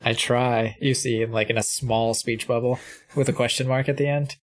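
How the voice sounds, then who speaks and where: A man playing a character in a tabletop game, describing his moves with a deadpan touch. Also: medium pitch, brisk. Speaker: player. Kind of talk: tabletop role-play, in and out of character.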